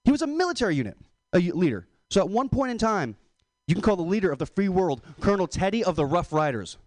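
A young male comic hosting a live stand-up night, with a crude, rambling delivery. His voice is pitched a little high and swings widely, dropping low to close each bit. It sounds dry and close to the mic. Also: very animated, fast, a little mellow, dry recording. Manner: crude, rambling, drops pitch on tag lines. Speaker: comedy show host. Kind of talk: stand-up comedy.

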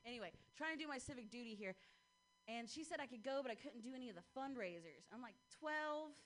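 On poor audio, a woman with a fairly high, bright, animated voice delivers a stand-up comedy set at a quick pace. Her talk is conversational and self-mocking, and she slips into voices when quoting people.

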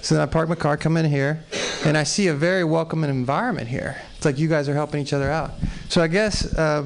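A man in his forties, from Texas, works through an improvised open mic set with a gravelly edge to his voice. His pitch sits a little high for a man. He talks in a loose, profane, self-deprecating ramble full of restarts. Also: quick pace. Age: 40s.

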